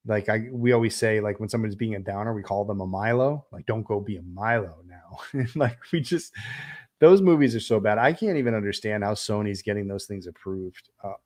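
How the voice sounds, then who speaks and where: A man's voice: on the low side, a little mellow. A middle-aged man, a film director, chatting casually on a livestream and answering viewer questions, rambling with lots of fillers. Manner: rambling, many fillers and restarts.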